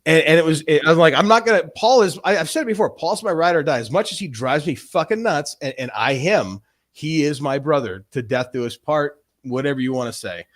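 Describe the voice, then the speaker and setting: A man in his forties chats loosely on a livestream, circling back and restarting his sentences as he goes. His pitch sits a little on the high side, and he swears casually. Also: lively intonation, a little fast. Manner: rambling, restarts often, swears freely. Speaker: stream host.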